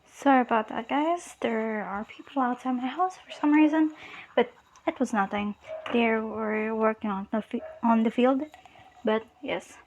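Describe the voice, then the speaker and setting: Hesitant high-voiced young woman storyteller. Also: unhurried, a little mellow, highs cut off, slight background noise. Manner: hesitant, many fillers. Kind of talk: improvised fan story narration.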